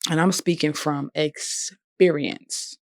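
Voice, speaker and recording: Low, gravelly-voiced woman reflecting heartfelt. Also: fairly even intonation, slow, dry recording. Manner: heartfelt, conversational, drops into bursts of laughter. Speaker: vlogger. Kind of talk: emotional personal reflection.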